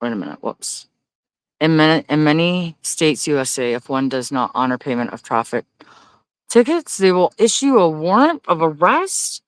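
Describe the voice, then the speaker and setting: A man hosting a casual livestream, reading viewer comments aloud. He talks in a blunt, profane rant and breaks into loud, high-pitched disbelief. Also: sing-song, moderate pace, clear, resonant tone, no room sound. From Canada. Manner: loudly incredulous, rises to high exclaims. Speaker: livestream host.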